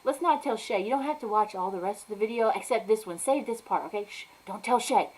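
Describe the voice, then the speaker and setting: A woman's voice: mid-range voice, fast, a little mellow, low-quality recording. A woman speaking effusively in a recorded video greeting, playful and encouraging. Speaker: birthday video message sender.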